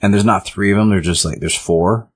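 Very low-voiced man recapping a comic in casual chat, rambling, full of fillers and restarts. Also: a little fast.

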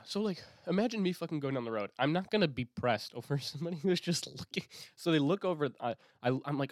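A man's voice: medium pitch, no room sound, studio quality. A young man hosting a podcast, talking in a rambling, profane, self-interrupting way with many restarts. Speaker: podcast host. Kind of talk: casual rambling monologue.

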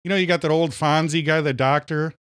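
Ranting jokey man, slightly high voice. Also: steady tone, brisk, fairly bright tone, clean tone, dry recording, clean studio sound. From Minnesota. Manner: ranting, jokey, says "powerful" often. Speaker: podcast co-host. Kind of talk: casual podcast banter.

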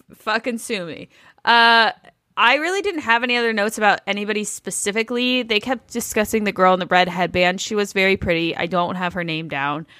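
A woman's voice: mid-range voice, pushed and bright, dry recording, studio quality. A woman co-hosting a podcast, chatting bluntly and with lots of swearing about a reality show. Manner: blunt, profane, giggly. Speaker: podcast co-host. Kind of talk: casual reality TV recap chat.

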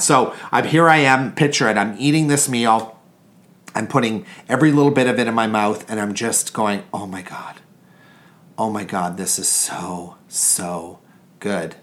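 A man chatting casually about a meal he cooked, his voice sitting at an ordinary middle pitch. He rambles along with plenty of fillers and restarts, gushing with enthusiasm. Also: fairly bright tone. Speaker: home cook sharing a meal kit experience. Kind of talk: casual spoken recap.

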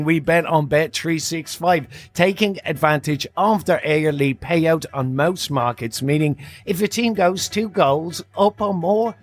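A man hosting a podcast in a playful, jokey, upbeat way, with a scripted intro and preview. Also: high-pitched. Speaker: podcast host.

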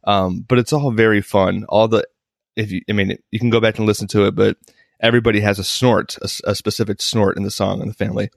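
A man's voice: fairly low pitch, fairly even intonation, quick pace, gravelly, no echo, studio quality. A man co-hosting a podcast in casual banter, rambling with restarts and laughing often. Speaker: podcast co-host. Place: home.

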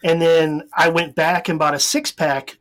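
Easygoing man, somewhat high voice. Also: steady tone, unhurried, fairly bright tone. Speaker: podcast co-host. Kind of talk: casual chat.

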